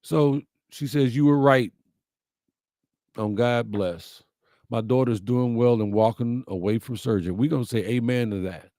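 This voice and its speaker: Reading out viewer comments on his livestream, a middle-aged host responds in a heartfelt, folksy, preacher-like manner. His medium-pitched voice is dark in tone and unhurried, and the studio-quality audio has no echo.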